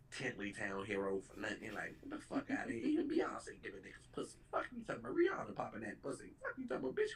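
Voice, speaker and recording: A man hosting a reaction video, heckling and ranting in a profane, animated way. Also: fairly low pitch, creaky. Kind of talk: loud comedic reaction rant. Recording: distant mic with faint background noise.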